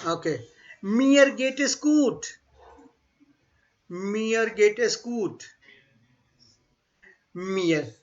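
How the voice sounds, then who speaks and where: High-voiced man teaching slowly. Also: animated. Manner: slow repeated model phrases, mixes English and Hindi. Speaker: German language teacher. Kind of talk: online language lesson. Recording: dull lo-fi online class audio.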